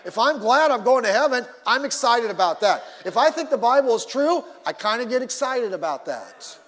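High-voiced preaching man in a reverberant hall. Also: normal speed. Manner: animated preaching, repeats words, sudden loud and soft swings. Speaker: pastor. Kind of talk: sermon.

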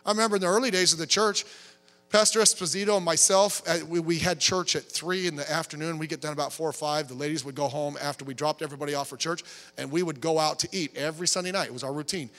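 A man's voice: on the high side, a bit bright. A middle-aged man preaching a sermon as pastor, emphatic and conversational, often restarting his sentences. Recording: reverberant hall, faint music behind.

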